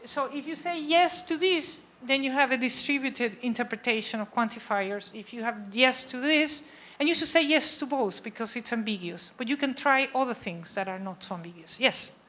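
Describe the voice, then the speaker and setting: A woman's voice: on the high side, normal speed, hardly any pauses, sharp tone. A woman giving an academic lecture in a conversational way, often checking in with her audience. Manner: conversational, checks understanding with frequent "okay?" and "right?". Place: lecture room.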